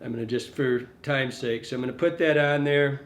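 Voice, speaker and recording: A man's voice: medium pitch, fairly even intonation, a little fast. A middle-aged man demonstrating fly tying in a casual, rambling, folksy way, often correcting himself mid-sentence.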